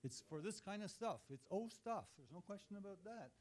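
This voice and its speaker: A man's voice: sits high, expressive, fairly quick, a little mellow. A man, a professor from Canada, speaking casually at a panel and polling the audience with jokes. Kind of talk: panel discussion remarks.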